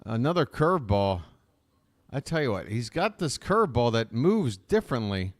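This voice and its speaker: A man calling live baseball play-by-play as a fan commentator, chatty and opinionated between pitches. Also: big pitch swings, moderate pace, dry recording.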